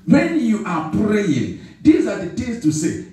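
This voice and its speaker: With huge pitch swings and a dark tone, a male pastor preaches in a high, swooping voice at a measured pace. He repeats phrases for emphasis and invites the congregation to respond, his sermon ringing from far off through a big, echoey hall.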